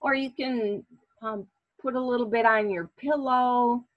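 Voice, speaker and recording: A woman hosting a casual online class, speaking in a relaxed way with many fillers. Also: a little high, measured pace, highs cut off. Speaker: class host.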